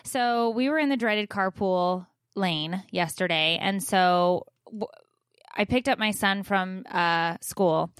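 A mother in her thirties co-hosting a casual chat and telling an animated story, acting out the dialogue. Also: mid-range voice, takes it slowly, smooth, no room sound, studio quality. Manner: animated storyteller, acts out quotes loudly. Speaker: co-host.

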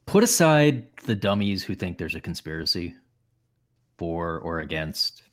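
A man's voice: low voice, sing-song, unhurried, fairly bright tone. A man co-hosting a casual sports chat, thinking aloud and often restarting his sentences. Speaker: podcast co-host.

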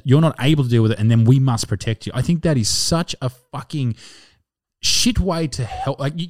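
A man's voice: medium pitch, darkish tone. A young Australian man hosting a casual podcast, blunt and opinionated, swearing freely. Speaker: podcast host.

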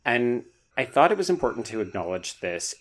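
A man's voice: mid-range voice, big pitch swings, fairly quick. A man hosting a podcast, giving opinionated, wry commentary in a casual discussion. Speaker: podcast host.

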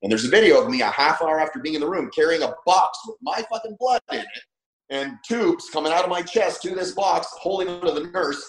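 Guesting on a podcast, a trainer and coach tells a personal story bluntly and emphatically, swearing freely. His voice is a little high and brisk with lively intonation, and the recording has a roomy echo.

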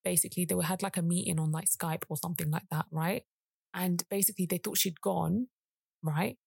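A woman co-hosting a casual late-night chat show, telling stories in an animated, emphatic way with frequent asides. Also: fairly low pitch, brisk, vocal fry, husky, no echo, clean studio sound. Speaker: podcast co-host.

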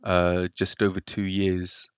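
Deep-voiced man, hesitant and halting. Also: monotone, smooth, no echo, dull audio. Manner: hesitant, repeats words while searching. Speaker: podcast guest. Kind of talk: personal story in a podcast interview.

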